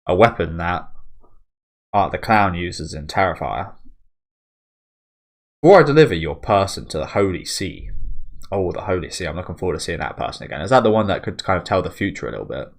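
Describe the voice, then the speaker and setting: A man's voice: deep voice, gravelly. A man hosting a casual manga reading, commenting freely and swearing often. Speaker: manga reaction host.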